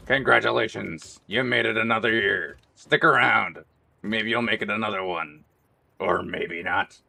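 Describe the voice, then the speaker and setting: A man putting on a gruff drill-sergeant soldier voice, growling shouted taunts hard enough to strain his throat. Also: on the low side, steady tone, slow pace, exaggerated voice. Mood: taunting.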